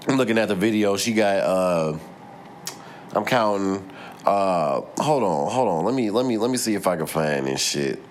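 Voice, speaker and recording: A man with a very low voice rants freely to his viewers, swearing and rambling. His pitch swings widely as he gets worked up, and a faint noise hums behind him. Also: animated, moderate pace. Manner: rambling, swearing, laughing at himself. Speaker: vlogger. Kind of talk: casual profane rant.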